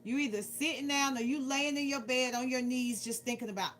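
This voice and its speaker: A woman's voice: sits high, steady tone, a little fast, few pauses, a bit bright. A woman tarot reader, giving a casual spiritual pep talk. She talks in a preachy way and keeps asking "right?". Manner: preachy, repeats "right?" often.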